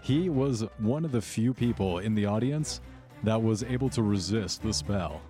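A man running a tabletop game as game master, narrating scenes in a measured, descriptive way with slow dramatic pauses. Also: fairly low pitch, lively intonation, mellow, soft background music.

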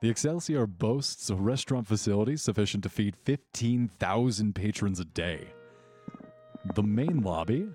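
A man running a tabletop game as game master, narrating scenes in a measured, descriptive way with slow dramatic pauses. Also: on the low side, lively intonation, dark tone, soft background music.

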